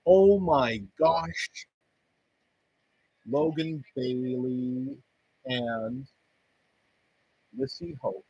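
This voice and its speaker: A man with a husky voice rambles through casual commentary, swearing and joking as he goes. The sound is dull and lo-fi, like a cheap home setup. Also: mid-range voice, extremely slow, pauses often, darkish tone. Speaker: podcast host reacting to wrestling results.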